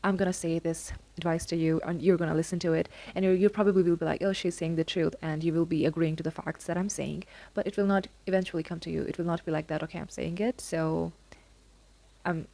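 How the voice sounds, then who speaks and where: A woman's voice: fairly low pitch, steady tone, fast, vocal fry, few pauses, mellow. A young woman giving earnest, repetitive advice about college life, talking straight to the listener in a casual vlog. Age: young adult. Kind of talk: casual advice talk to camera.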